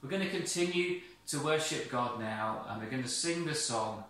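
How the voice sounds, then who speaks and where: Expressive storyteller in an echoey church. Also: male voice, mid-range voice, moderate pace. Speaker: church children's talk leader. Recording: very echoey, distant mic.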